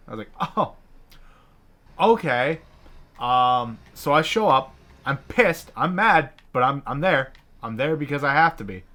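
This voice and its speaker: Man, bright voice, casual story while gaming, swears a lot, animated. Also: medium pitch, unhurried. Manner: profane, animated, acts out quoted bosses. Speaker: co-host telling a story.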